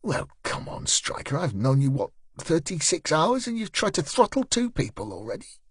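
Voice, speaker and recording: A man's voice: a little high, huge pitch swings, moderate pace, breathy edge, dry recording, studio quality, voice pushed up, heavily acted. A man voicing a young male police officer who talks in a placating, matey way. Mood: exasperated.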